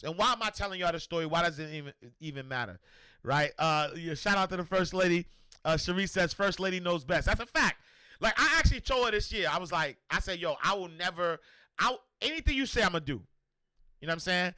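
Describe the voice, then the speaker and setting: Animated Harlem man with a bright voice. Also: high voice, fairly quick, clean tone, dry recording. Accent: New York. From Harlem, New York. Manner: animated, repetitive, slangy, restarts a lot. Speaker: host. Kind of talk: casual livestream monologue.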